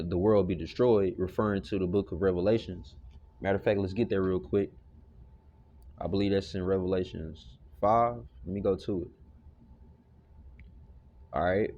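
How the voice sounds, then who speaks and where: A man's voice: lowish voice, warm tone, lo-fi sound. A man teaching a casual Bible lesson, talking loosely and conversationally with lots of "you know" and the odd curse.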